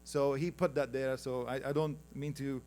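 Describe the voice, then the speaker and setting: Speaking in a mid-range, darkish voice with a level tone and moderate pace, an Afghan man with an Afghan accent presents to a conference panel audience. He keeps it conversational, teases the listeners, and calls for the next slides, while soft music plays behind him.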